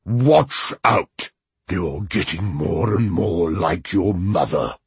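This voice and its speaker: A man voicing a cruel, ailing old tyrant king in an audiobook, snarling slowly and with menace. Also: sits low, lively intonation, husky, no echo, exaggerated voice. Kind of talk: audiobook character voice.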